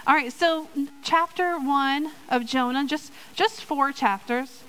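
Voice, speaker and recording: A woman giving a sermon and reading a Bible story aloud, lively and playful with joking asides. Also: high-pitched, unhurried, low-quality recording. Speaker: church speaker in children's ministry.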